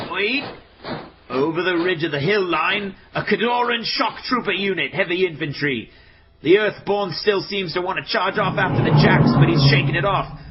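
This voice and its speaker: A man giving dramatic, excitable play-by-play commentary, swinging between hushed remarks and shouted exclamations. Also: sits high, background noise. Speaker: podcast host. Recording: dull lo-fi audio with loud music.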